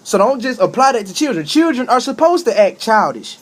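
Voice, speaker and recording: Preachy man with high, emphatic voice. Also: sing-song, brisk. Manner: preachy and repetitive, with emphatic rising outbursts. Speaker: street preacher giving a talk. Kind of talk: impassioned spoken monologue.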